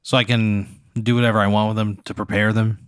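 A man's voice: lowish voice, level tone, a little fast, clear, resonant tone, no echo, clean studio sound. A man co-hosting a podcast, answering a comedy hypothetical in a grumpy, wary, exasperated way. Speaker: podcast co-host. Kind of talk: improvised comedy chat.

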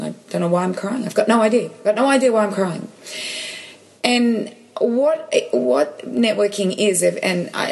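A woman telling a story in casual chat, with a gravelly, creaky edge to her voice that sits a little low. She keeps restarting sentences and slips into quoted dialogue as she goes.

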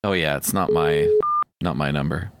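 A man's voice: rumbling low, moderate pace, very noisy. A man co-hosting a casual prank-call podcast, joking and rambling. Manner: joking, rambling, puts on silly voices. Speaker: podcast co-host.

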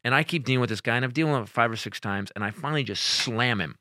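Male comedian guest, bright forceful voice, animated raconteur, dry studio sound. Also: medium pitch, very fast, no room sound. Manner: animated storyteller, acts out voices and yells in bursts. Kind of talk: storytelling on a podcast.

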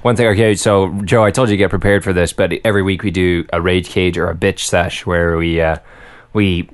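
Young male podcast host, low voice, jokey profane rant. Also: steady tone, brisk, clean tone. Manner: ranting, swears freely, jokey. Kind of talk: casual chat.

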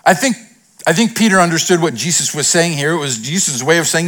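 A man, a pastor, preaching a sermon, swinging between raised, emphatic lines and hushed retellings. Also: on the high side, expressive, quick pace.

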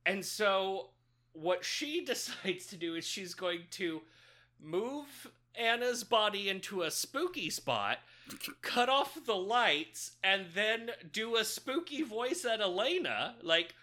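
A woman's voice: mid-range voice, very animated, slow pace, pushed and bright. A woman co-hosting a podcast, recapping a film in casual, profane, joking chat and laughing often. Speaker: podcast co-host.

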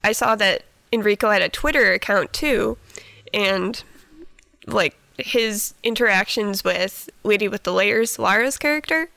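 A woman guest on a casual podcast, soft-spoken and giggly, hesitating as she talks. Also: mid-range voice, a little slow, vocal fry, dry recording.

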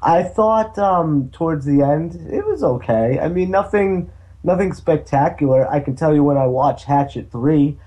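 A man's voice: a little high, lively intonation, unhurried, dark tone, low-quality recording. A man co-hosting a podcast, reviewing a horror sequel in a loose, hesitant way with lots of fillers. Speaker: podcast co-host. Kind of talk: casual movie review chat.

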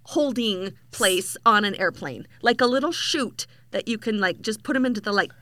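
A woman's voice: mid-range voice, animated, moderate pace, a bit bright, dry recording. A woman co-hosting a podcast, asking rambling curious questions in casual chat. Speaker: podcast co-host.

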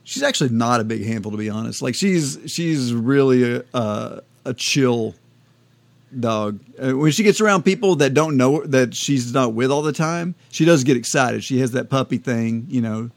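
A man co-hosting a podcast in casual chat, relaxed and measured, often answering briefly. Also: medium pitch, gravelly, no room sound. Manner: relaxed, measured, short replies. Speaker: podcast co-host.

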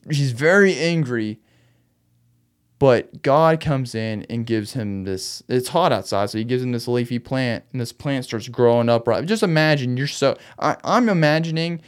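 A man's voice: medium pitch, smooth. A man hosting a podcast, retelling a Bible story in a loose, chatty way with slangy asides. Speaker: podcast host.

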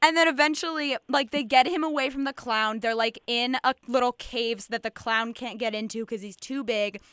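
A woman hosting a casual chat, retelling a film plot in an animated way and acting out the quotes. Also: on the high side, normal speed, smooth, no room sound, clean studio sound. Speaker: podcast host.

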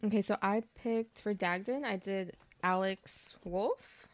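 Slow and mid-range, with no echo around her, a young woman co-hosts a podcast and chats through a book's plot. She's bubbly, laughs a lot, and retells the story using slang.

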